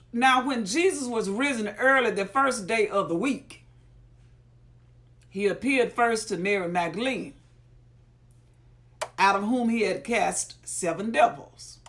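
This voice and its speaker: Reading from the Bible, a woman stops now and then to unpack the verses in homey, conversational language, paraphrasing them as she teaches. Her voice is mid-range with a fairly bright tone.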